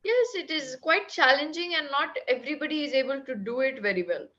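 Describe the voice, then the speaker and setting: A woman's voice: high voice, lively intonation, fairly quick, bright, forceful tone, lo-fi sound. A woman, tutoring a student over a video call. She is encouraging and keeps checking in with "right?" and "okay?". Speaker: English tutor. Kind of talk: online tutoring session.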